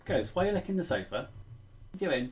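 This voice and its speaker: A man's voice: on the high side, very animated, rapid-fire, very noisy. A man co-hosting a casual podcast chat, giggling and apologizing often. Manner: giggly, keeps laughing and apologizing. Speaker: podcast co-host.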